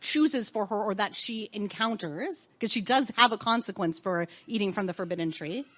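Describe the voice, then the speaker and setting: A woman's voice: mid-range voice, moderate pace, a bit bright. A woman rabbi and cantor teaching an interactive Torah class in a synagogue, calling on students and asking the group questions.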